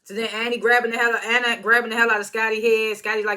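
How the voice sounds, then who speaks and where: In a slightly high, level voice that's very fast, pushed and bright, a woman casually recaps a reality series. She's chatty, laughs frequently and imitates the cast.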